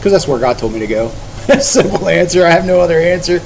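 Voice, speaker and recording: High-voiced man teaching a Bible study. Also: expressive, fast talker, creaky, darkish tone, a little hiss or hum, rough recording. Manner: conversational, emphatic, paraphrasing scripture in plain words.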